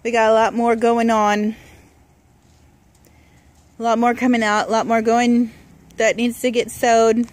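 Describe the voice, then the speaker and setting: A young adult woman giving a casual, relaxed tour of her home garden outdoors, talking into a handheld camera with plenty of "uh" and "um". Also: fairly high pitch, unhurried, pauses often. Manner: chatty and relaxed, with frequent "uh" and "um". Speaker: home gardener, channel host.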